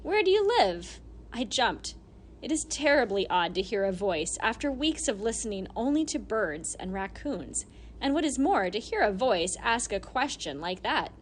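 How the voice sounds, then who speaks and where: Animated woman narrating an audiobook. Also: medium pitch, normal speed, slight background noise. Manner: animated, expressive storytelling. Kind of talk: first-person audiobook narration.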